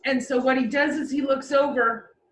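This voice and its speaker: A woman chatting casually and explaining animal behavior, acting out the animals' thoughts in lively asides. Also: high voice, normal speed. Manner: lively, acts out animals' inner voices. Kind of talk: casual chat. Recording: roomy echo, far from the mic, faint background noise.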